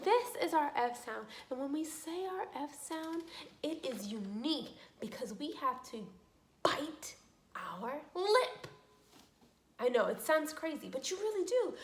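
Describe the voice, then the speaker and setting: A woman giving a children's speech lesson as a speech therapist, talking slowly with exaggerated, encouraging teacher delivery. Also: sits high, sharp tone, echoey room.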